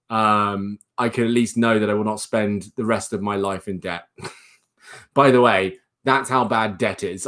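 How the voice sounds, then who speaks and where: A man hosting a casual livestream, rambling and laughing as he reads out viewer comments. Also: fairly bright tone. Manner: coos in a high baby voice at a pet rabbit. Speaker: livestream host.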